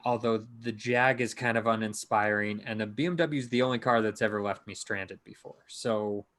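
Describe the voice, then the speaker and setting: A man's voice: fairly low pitch, steady tone, moderate pace, a bit bright. A man co-hosting a car podcast in casual chat, rambling and stumbling over his words. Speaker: podcast co-host.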